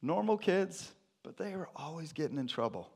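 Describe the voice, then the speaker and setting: A man's voice: a little high, animated, moderate pace, darkish tone, breathy edge. A man preaching a sermon, opening with a funny story before teaching on scripture. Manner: storytelling with a joke, then teaching. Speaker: pastor.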